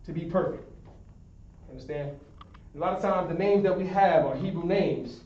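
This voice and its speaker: Male instructor, fairly high voice, patient stepwise explanations, recorded from across an echoey classroom. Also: moderate pace, darkish tone. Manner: explains step by step, often asks "understand?". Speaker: teacher of a Hebrew class. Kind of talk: classroom teaching at a whiteboard. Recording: echoey room, distant dull sound.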